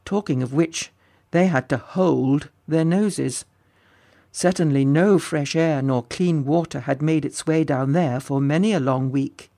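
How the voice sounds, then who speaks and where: A man reading a story aloud as narrator in a measured, expressive way. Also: fairly high pitch.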